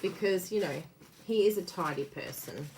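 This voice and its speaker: A woman hosting a casual card-making demo, chatty and quick to laugh as she works. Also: lowish voice, noisy background. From Australia. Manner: chatty, laughs often, explains while working. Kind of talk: casual live craft demo.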